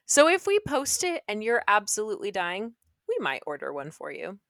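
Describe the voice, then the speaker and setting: A young woman co-hosting a podcast, chatting casually in an animated, rambling way and laughing often. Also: mid-range voice, moderate pace, no room sound, clean studio sound. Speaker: podcast co-host. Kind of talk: casual chat.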